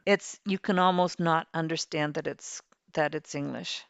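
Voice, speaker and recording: Chatty woman, smooth low voice. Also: fairly even intonation, moderate pace, a bit bright, dry recording, lo-fi sound. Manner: chatty, rambling, laughs easily. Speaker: livestream host. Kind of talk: casual chat while playing a farming game.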